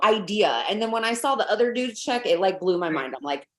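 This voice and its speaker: A woman from Atlanta leading a sales team video call, talking in an excited, rambling way with lots of "like". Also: mid-range voice, fairly quick, few pauses, echoey room. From Atlanta, USA.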